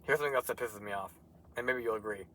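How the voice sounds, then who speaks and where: A man's voice: fairly low pitch, rapid-fire, bright, forceful tone, slight background noise. A man co-hosting a casual movie review chat, ranting and swearing a lot. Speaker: co-host.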